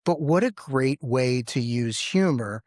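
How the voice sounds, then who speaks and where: Animated man telling a story on a podcast. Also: measured pace, dry recording, clean studio sound. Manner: animated storyteller, acts out quotes with big pitch jumps. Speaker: podcast co-host, paramedic. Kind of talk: storytelling in casual podcast chat.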